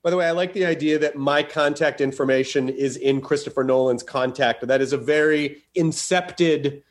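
A man hosts a loose comedy podcast, riffing and rambling through silly ideas with frequent laughter. His voice sits a little higher than most men's. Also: fairly even intonation, normal speed. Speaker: podcast host. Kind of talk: casual comedic podcast chat.

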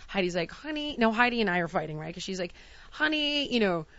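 Lively animated woman telling a story. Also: medium pitch, fast talker, dry recording, dull audio. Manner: acts out quotes, shouting in exasperation. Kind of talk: casual chat, animated storytelling.

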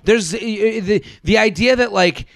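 A podcast host, a man with a slightly high voice, recorded close and dry. He rambles through his points with stammered repeats and laughs. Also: normal speed, vocal fry, fairly bright tone, no echo. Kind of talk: casual comedic chat.

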